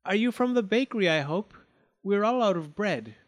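A man's voice: on the high side, animated, moderate pace, pitched above the performer's own voice, natural voice. A man voicing a sweet, wistful young woman in a raised, light put-on voice for a storybook reading. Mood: eager.

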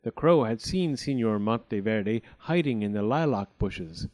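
A man narrating a storybook aloud in an expressive way, slipping into character voices. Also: fairly low pitch, unhurried.

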